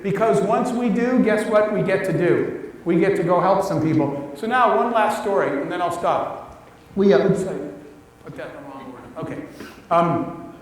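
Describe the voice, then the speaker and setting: A man giving a storytelling talk to an audience, lively and acting out the dialogue of the people in his story. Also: high-pitched. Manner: animated, acts out quoted dialogue. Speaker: guest speaker. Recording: echoey hall, distant mic.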